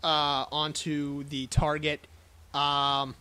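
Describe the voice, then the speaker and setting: A young man narrating a tabletop horror game as game master, describing scenes in a halting way. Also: on the high side, completely flat delivery, bright, forceful tone, clean tone.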